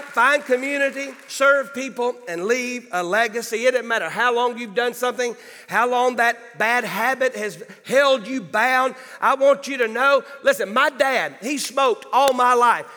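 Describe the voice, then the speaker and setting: Male pastor, high bright voice, emphatic sermon delivery, church hall reverb. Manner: emphatic, calls for congregation responses. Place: church sanctuary.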